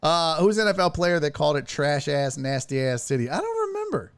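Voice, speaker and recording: A man's voice: a little high, fairly quick, clear, resonant tone. A man hosting a sports stream, reacting to clips in casual, profane commentary, laughing often and mocking fans. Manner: excitable, laughs often, swears a lot, mocking impressions.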